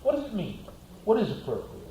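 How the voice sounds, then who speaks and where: A man's voice: sits high, wildly swooping pitch, fast, mellow, roomy sound, a little hiss or hum, low-quality recording. A man giving a classroom lecture, asking the class rhetorical questions and acting out little scenes.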